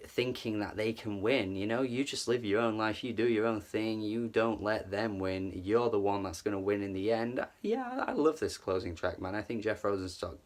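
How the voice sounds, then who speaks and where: A man with a fairly low voice reviewing an album in relaxed, casual talk. He sounds eager and swears a lot, with frequent restarts and stumbles. He is the channel's regular reviewer. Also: normal speed, few pauses. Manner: loose and enthusiastic, swears, stumbles over words.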